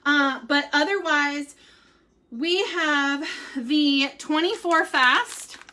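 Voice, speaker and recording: A woman's voice: high-pitched, extremely slow, pushed and bright. A woman vlogger chatting casually to viewers on a live stream from home, bubbly and filler-heavy.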